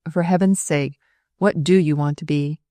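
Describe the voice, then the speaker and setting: A blunt, irritable senior surgeon, as a woman reads him in an audiobook. His lines come out lowish and mellow, curt and dry. The recording is close, with no room sound. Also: steady tone, moderate pace, dry recording, lightly acted. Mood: gruff. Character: gruff blunt older male senior surgeon. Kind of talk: audiobook character voice.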